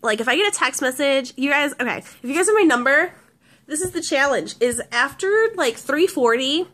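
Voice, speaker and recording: A woman's voice: high-pitched, lively intonation, normal speed, a bit bright. A woman vlogger telling a story casually, rambling with lots of restarts and fillers.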